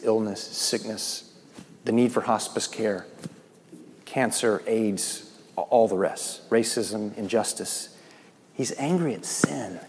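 A man preaching a sermon as pastor, swinging from loud, lifted lines to quiet, low ones. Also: slight background noise. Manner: preaching with sudden loud lifts and quiet drops. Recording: long hall reverb.

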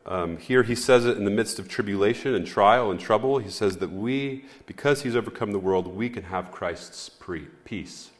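A man preaching a sermon as pastor, in an earnest, measured way with pauses and fillers. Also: lowish voice. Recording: echoey hall reverb.

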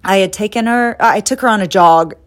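A middle-aged woman from the United States hosting a podcast, telling personal stories in a candid, animated way and acting out quoted lines. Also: medium pitch, brisk. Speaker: podcast host. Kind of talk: personal storytelling monologue.

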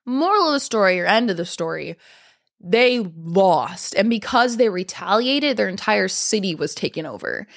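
A woman's voice: mid-range voice, expressive, moderate pace, gravelly. A young woman hosting a casual monologue, talking in a chatty, rambling way with lots of fillers. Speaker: podcast host.

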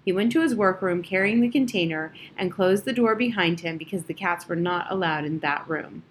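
A woman's voice: lowish voice, slight background noise. Woman narrating an audiobook steadily. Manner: measured, steady storytelling.

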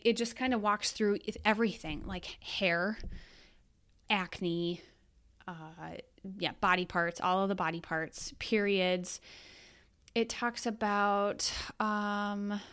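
A woman's voice: medium pitch, a bit bright. A woman in her thirties hosting a podcast as a mother, talking frankly and casually in a rambling monologue with self-corrections.

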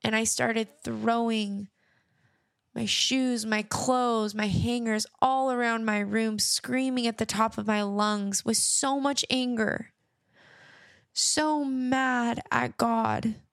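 A woman's voice: a little high, steady tone, slow, clean tone, no echo, studio quality. A young adult woman hosting her podcast, speaking earnestly and reassuringly about faith, often repeating phrases. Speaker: podcast host. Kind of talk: personal faith talk to listeners.

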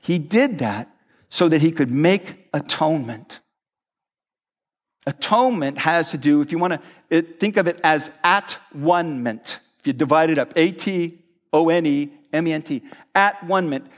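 Earnest high-voiced male pastor preaching. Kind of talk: sermon. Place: church service.

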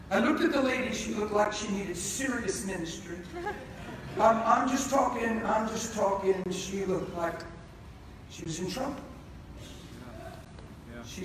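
A man preaching to a congregation in a large hall, telling a story in animated style. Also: high voice. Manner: animated storytelling, rising to fervent shouts. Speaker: traveling preacher. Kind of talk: sermon storytelling. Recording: echoey hall from far off, noisy.

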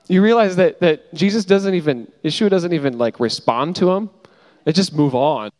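A man's voice: fairly high pitch, moderate pace. Male preacher in a reverberant hall. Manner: animated storytelling, acting out quoted lines. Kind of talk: sermon. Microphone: handheld mic, switched mid-talk. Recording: hall reverb from a live room.

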